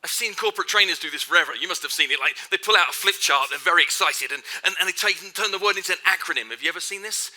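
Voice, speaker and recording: Speaking very fast with hardly any pauses, this middle-aged keynote speaker has a high, sharp voice. Before a live audience in a large hall, he drives home his motivational message emphatically, repeating phrases and putting questions to the crowd.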